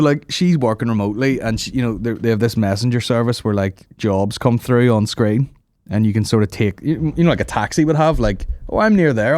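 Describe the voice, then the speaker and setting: A man's voice: fairly low pitch, a little mellow, no room sound, studio quality. A man hosting a comedy podcast, telling rambling sweary stories in casual banter. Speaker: podcast host.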